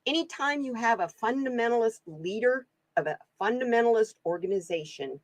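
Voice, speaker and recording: A woman's voice: on the high side, lively intonation, a little fast, no room sound. A woman from Oregon hosting a live card-reading stream in casual chat. She talks in a chatty, exclamatory way and laughs often. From Oregon, USA. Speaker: host and card reader.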